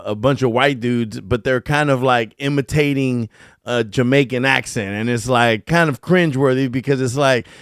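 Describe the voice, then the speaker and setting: Smooth-voiced podcast host, dry mic. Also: male voice, medium pitch, no room sound. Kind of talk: casual podcast chat.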